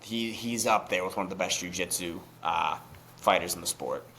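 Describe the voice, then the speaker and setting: A young man co-hosting a podcast in casual chat, excitable and swearing freely, rambling through restarts. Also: low voice, moderate pace, a little hiss or hum. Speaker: podcast co-host.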